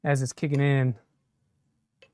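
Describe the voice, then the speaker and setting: A man's voice: fairly high pitch, a little slow, darkish tone, a little hiss or hum. A man chatting casually on a live stream while he assembles a 3D printer, answering viewer comments as he works. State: a bit shaky from caffeine.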